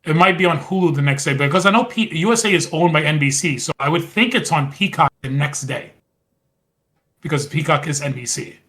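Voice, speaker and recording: A man's voice: on the high side, brisk, a bit bright. A man co-hosting a podcast, chatting casually and retelling scenes at a rambling pace with quoted lines. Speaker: podcast co-host. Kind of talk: casual wrestling recap chat.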